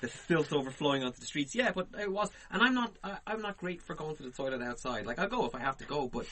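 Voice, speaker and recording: A man, co-hosting a podcast and telling profane, animated stories in casual chat. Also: a little high, quick pace. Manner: profane, animated, laughs through his stories. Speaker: podcast co-host.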